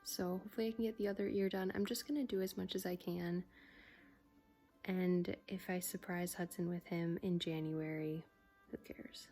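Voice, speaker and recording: A woman's voice: fairly low pitch, steady tone, moderate pace, dark tone, soft background music, poor audio. A woman vlogging casually about knitting, rambling and giggly, often breaking off mid-sentence. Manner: rambling, giggly, self-interrupting. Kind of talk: casual chatty vlog.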